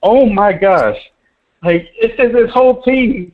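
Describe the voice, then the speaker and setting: A young man calling in to a sports show, ranting, stuttering in his anger and breaking into near-shouts. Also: slow. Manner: frantic, stuttering, pitch leaping into shouts. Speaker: caller. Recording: dull lo-fi call audio.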